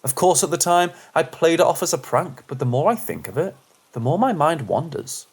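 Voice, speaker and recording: A man narrating first-person paranormal stories aloud, in an animated storytelling manner. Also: normal speed, husky. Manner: animated storytelling with lively pitch.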